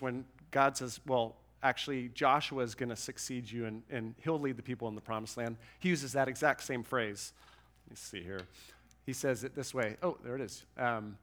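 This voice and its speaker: A man's voice: mid-range voice, fairly bright tone. A man preaching a sermon in a conversational way, thinking aloud and often checking in with the congregation. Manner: conversational, thinking aloud, many rhetorical "right?" asides. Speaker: pastor.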